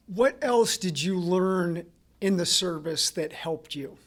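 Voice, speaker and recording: A man hosting a podcast, asking interview questions in a measured, deliberate way. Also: high-pitched, animated. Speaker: podcast host.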